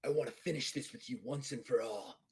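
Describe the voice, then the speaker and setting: A man voicing a vengeful, proud male Klingon warrior, with a low, menacing, clipped delivery in a tabletop game. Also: fairly quick, a little mellow, slightly rough.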